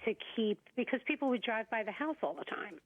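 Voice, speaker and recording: A hoarse woman with a Long Island accent, calling in to a talk show and chatting quickly. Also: on the high side, animated, dry recording. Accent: Long Island New York. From Long Island, New York. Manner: fast-talking. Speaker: caller. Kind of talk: casual call-in chat. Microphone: phone. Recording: tinny phone line.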